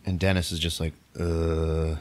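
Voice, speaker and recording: A man's voice: low-pitched, fairly bright tone. Laughing man recapping a movie. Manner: acts out characters' lines in quick impressions, laughs often. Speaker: podcast host.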